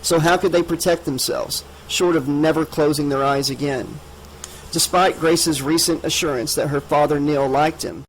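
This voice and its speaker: A man reading an unabridged horror audiobook in a steady, measured way. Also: on the high side, slight background noise, rough recording. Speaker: audiobook narrator. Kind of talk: audiobook narration.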